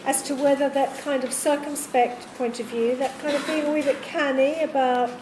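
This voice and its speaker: A woman speaking at normal speed in a high, steady voice draws a writer out with thoughtful, searching questions during a literary conversation at a university event. Echo and background noise are present in the recording.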